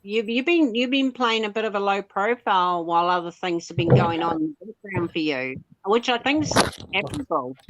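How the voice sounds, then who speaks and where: A woman from New Zealand with a New Zealand accent, chatting casually on an online voice panel and repeating words when she gets excited. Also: mid-range voice, moderate pace, very noisy. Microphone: own computer mic on an online panel.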